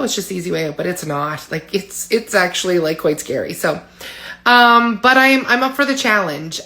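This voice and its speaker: A woman's voice: on the low side, sharp tone. A woman in her forties vlogging to camera, candid and emotional, with frequent fillers and small laughs. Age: 40s. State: tearful at times. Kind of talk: personal vlog talking to camera.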